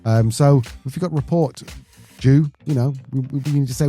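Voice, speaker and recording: Mellow-voiced man, chatty host. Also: mid-range voice, lively intonation, brisk, faint music behind. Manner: chatty, jokey, self-interrupting. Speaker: podcast co-host. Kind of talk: casual podcast chat.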